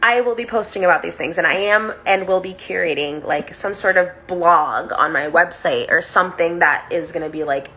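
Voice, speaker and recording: A woman's voice: on the low side, normal speed, few pauses, pushed and bright. A young woman leading a casual live-stream breathwork lesson, bubbly and giggly, saying "like" all the time. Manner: bubbly, giggly, sprinkles "like" constantly. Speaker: breathwork and chakra teacher.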